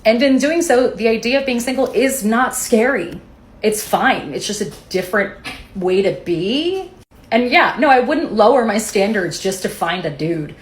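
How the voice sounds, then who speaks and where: A woman's voice: fairly high pitch, expressive, moderate pace. A woman talking to camera in an assertive, dismissive way. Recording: roomy echo.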